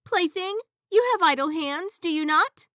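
Woman playing an innocent genie servant, loud and high-pitched, eager and dry-sounding. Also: moderate pace, dry recording.

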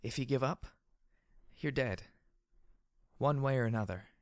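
A gritty, swearing pony mare with a dry wit, spoken a few notes higher than the reader's own voice by a man acting her out. The storybook sound is close and dry. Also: unhurried, a little mellow, no room sound, lightly acted. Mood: wry. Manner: gruff and wry, swearing. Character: tough, foul-mouthed battered pony mare, wry. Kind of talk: audiobook character voice.

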